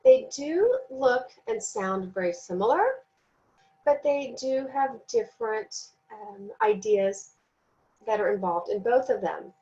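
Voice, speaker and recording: Lady teacher doing a training video, kinda high voice, slow careful syllables, bit muffled audio. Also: very animated, warm tone. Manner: slow, deliberate, sounds out syllables. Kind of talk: recorded training lesson.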